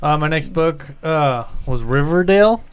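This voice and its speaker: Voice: medium pitch, animated, a little slow. A co-host of a comics podcast, chatting casually and mostly chiming in with short remarks. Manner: brief interjections, laughs. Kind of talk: casual chat.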